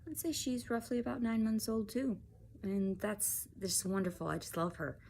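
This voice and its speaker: A woman talking to camera in a personal vlog, soft-spoken and reflective, sometimes sinking to a whisper. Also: mid-range voice, steady tone, normal speed, creaky, a little hiss or hum. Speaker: vlogger.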